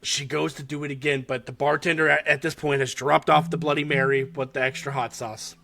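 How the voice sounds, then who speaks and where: Man, podcast host, excitable profane storyteller, gravelly, sharp bright tone. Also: fairly high pitch, brisk. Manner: animated, profane storytelling with frequent laughter. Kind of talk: casual chat recapping a horror short film.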